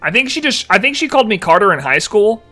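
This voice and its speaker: A young man with a high, bright, sing-song voice chats casually on a live stream at a quick pace, playful and mock-annoyed. He reads chat messages aloud and responds, with faint music playing softly underneath.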